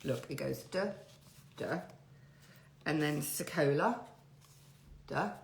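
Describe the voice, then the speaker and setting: Speaking slowly in a deep voice with vocal fry, an interiors host answers viewer questions in a relaxed live Q&A from her home. She's chatty, reading each question before drifting warmly into stories, and the echoey room carries faint background noise.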